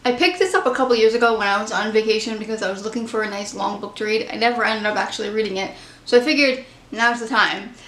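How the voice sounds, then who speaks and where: A woman's voice: fairly high pitch, fairly even intonation, fast talker, fairly bright tone. Chatty woman reviewing books, echoey room. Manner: chatty, candid, opinionated. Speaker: book vlogger. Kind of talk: casual book review chat.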